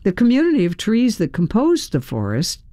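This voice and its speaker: A woman reading her own memoir aloud in an unhurried, reflective way, with soft laughs. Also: mid-range voice, wildly swooping pitch, no echo. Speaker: memoir reader.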